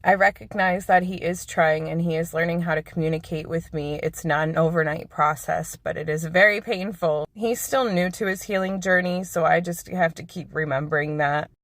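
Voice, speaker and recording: A woman's voice: on the low side, fairly even intonation, normal speed, hardly any pauses, no echo. A woman telling a personal story in an earnest, emotional way. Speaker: TikTok poster. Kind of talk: casual storytelling.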